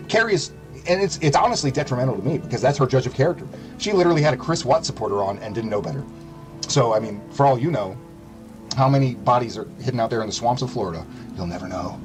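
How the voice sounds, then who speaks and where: A man's voice: a little high, poor audio. A young adult male streamer delivering a sarcastic, profanity-heavy rant on his livestream.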